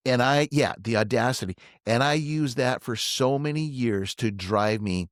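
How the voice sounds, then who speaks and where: A man's voice: mid-range voice, moderate pace, no echo, studio quality. A middle-aged man and financial advisor tells a personal story in casual conversation, acting out the dialogue as he goes. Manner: animated, acts out quoted dialogue. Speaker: financial advisor, podcast guest.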